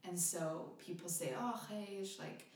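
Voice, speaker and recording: A woman's voice: fairly low pitch, slow, slight background noise. A young woman guesting on a podcast, talking candidly and emotionally with casual swearing. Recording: very echoey room, voice a bit far from mic.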